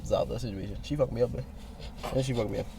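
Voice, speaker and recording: A young man with a gravelly, creaky voice tells a long, rambling story, acting out the other people in it. He sounds a little distant from the mic, and there is faint noise in the background. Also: mid-range voice, fast. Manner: rambling, animated, mimics others' voices in quotes. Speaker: podcast guest. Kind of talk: casual storytelling.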